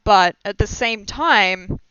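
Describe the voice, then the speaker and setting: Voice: medium pitch, expressive, slow, bright, forceful tone, clean tone, no room sound. A young adult streamer chatting casually and rambling with frequent giggles and self-deprecating asides during a live stream. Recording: slightly dull lo-fi mic, dry.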